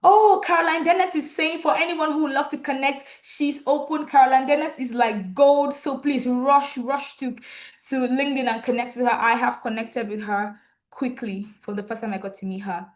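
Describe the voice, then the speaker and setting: A woman's voice: sits high, steady tone, normal speed. Upbeat woman hosting an online ceremony. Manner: enthusiastic, reads out viewer comments and names. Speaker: host of an online graduation ceremony. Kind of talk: lively live-stream hosting.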